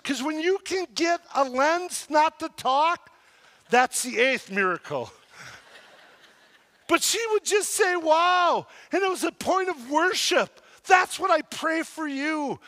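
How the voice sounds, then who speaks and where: An older man pastor in his sixties delivers a sermon in a strikingly high, ringing voice. He tells stories with lively energy and rises to shouts at the peaks. The sound carries a long reverb of a large church sanctuary. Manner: animated storytelling, shouting at peaks.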